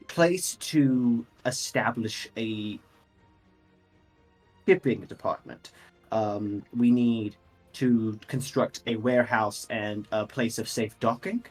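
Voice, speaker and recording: A man voicing a courteous, businesslike woman who represents a merchants guild in a tabletop game, speaking formally with hesitant pauses. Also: on the low side, faint music behind.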